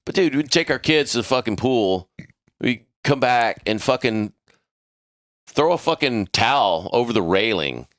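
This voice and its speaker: A man telling a crude, animated story in a casual podcast chat. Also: medium pitch, a little slow, no room sound, studio quality. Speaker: podcast crew member.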